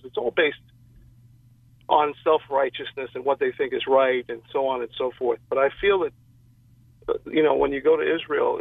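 A man calling in to a radio talk show, speaking haltingly with many restarts and fillers. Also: medium pitch, dry recording. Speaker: caller. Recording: tinny phone line.

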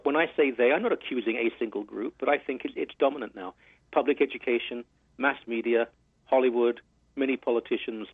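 A man from England with a British accent, speaking as a guest author in a radio interview, explaining in an earnest, measured way. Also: mid-range voice, breathy edge, no room sound. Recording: muffled phone line.

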